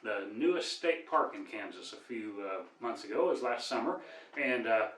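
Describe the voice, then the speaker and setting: Older midwest guy spinning deadpan tall tales, sounds a bit far off in an echoey room. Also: mid-range voice, normal speed, a little hiss or hum. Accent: American Midwest. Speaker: storyteller and cowboy singer. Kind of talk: folksy joke telling. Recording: echoey room, mic at a distance.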